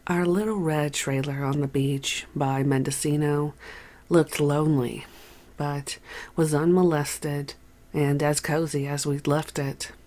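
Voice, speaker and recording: An audiobook narrator reading a memoir in an unhurried storytelling manner. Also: mid-range voice, fairly even intonation, a little mellow.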